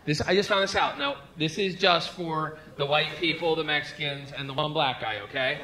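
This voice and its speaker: A man performing a stand-up comedy routine on stage, telling stories loudly and with lots of energy. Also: on the high side, normal speed. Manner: loud, animated storytelling. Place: comedy stage before a live audience. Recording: live stand-up with loud crowd noise.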